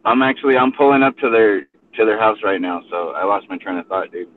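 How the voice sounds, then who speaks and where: A man's voice: fairly low pitch, fairly even intonation, a little fast, slight background noise. A man hosting a casual chat from his car between rideshare pickups, laid-back and rambling, saying dude a lot. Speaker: host and rideshare driver. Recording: tinny phone-line audio.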